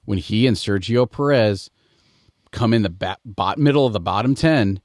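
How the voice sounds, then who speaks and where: A man's voice: fairly low pitch, moderate pace, a little mellow, no echo, studio quality. A middle-aged American man hosting a podcast in casual, rambling chat. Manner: rambling, digressive. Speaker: podcast host.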